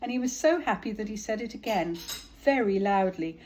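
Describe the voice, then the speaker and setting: A woman, a parent, reading a children's story aloud in a gentle, expressive narrating voice. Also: a little high, fast talker, a little hiss or hum.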